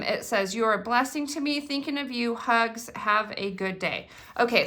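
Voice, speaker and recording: Bright, gushing woman unboxing craft supplies. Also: on the high side. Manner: gushing, excitable, chatty. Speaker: craft product demonstrator. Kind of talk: casual unboxing chat.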